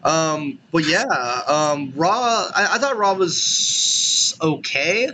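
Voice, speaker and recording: A man's voice: fairly high pitch, drawn-out words, bright, forceful tone, slight background noise, rough recording. A man co-hosting a podcast in casual chat, rambling with lots of "you know" and "like". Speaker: podcast co-host.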